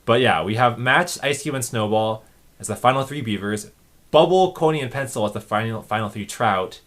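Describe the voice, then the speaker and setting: A man's voice: medium pitch, normal speed. A man casually commenting on his own comics, chatty with lots of fillers. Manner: chatty, lively, frequent laughs and fillers.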